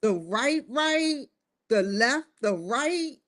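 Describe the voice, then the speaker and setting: Woman vlogger, slow deliberate delivery, casual and reflective, addresses the audience directly. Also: high-pitched, expressive, fairly bright tone. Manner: musing, addresses viewers directly with rhetorical questions. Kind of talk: casual talking-to-camera monologue.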